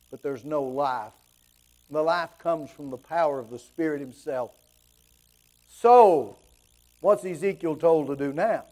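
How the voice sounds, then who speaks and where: A man's voice: on the high side, a little mellow. A male pastor preaching a sermon to his church, full of rhetorical questions and rising passion.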